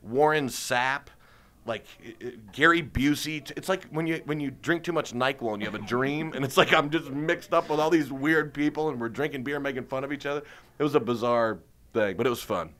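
Bright-voiced joking comedian man. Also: mid-range voice, fairly quick. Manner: joking, rambling storyteller. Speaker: stand-up comedian, guest. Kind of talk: casual interview chat.

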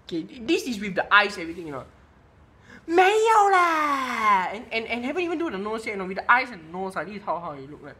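A young woman with a Singaporean accent tells a story to the camera in a loose, chatty vlog style. Her voice moves lively up and down, and her sentences are full of fillers and tag words. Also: medium pitch, racing, hardly any pauses. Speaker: vlogger. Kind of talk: comedic vlog monologue.

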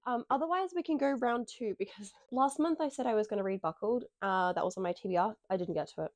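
Australian woman vlogger, nasal from a cold, warm tone, excitable and casual. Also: mid-range voice, fast talker, few pauses, no room sound. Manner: chatty, excitable, swears casually. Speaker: book vlogger. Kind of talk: casual chat to camera. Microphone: dedicated microphone close up.

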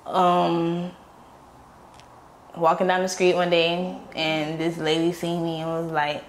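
A woman's voice: on the low side, flat delivery, a little slow, slight background noise. Blunt, profane young woman telling her story. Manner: blunt, profane, acts out voices in her stories. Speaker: interview guest. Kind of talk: candid storytelling.

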